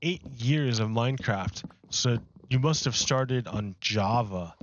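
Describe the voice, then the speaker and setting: A man's voice: medium pitch, slow pace, highs cut off, slight background noise. A man chatting casually on a gaming livestream, rambling with lots of fillers and restarts into a close microphone. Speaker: streamer. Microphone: close desk microphone.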